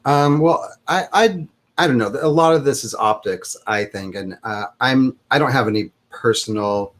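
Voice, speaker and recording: A man's voice: medium pitch, moderate pace, a bit bright. A man co-hosting a political talk show, thinking aloud in a tentative, speculative way. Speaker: co-host.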